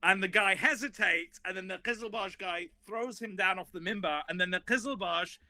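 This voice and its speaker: A man who is a guest historian, telling a story in a casual, animated way that rambles with many restarts. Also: high-pitched, normal speed, no echo.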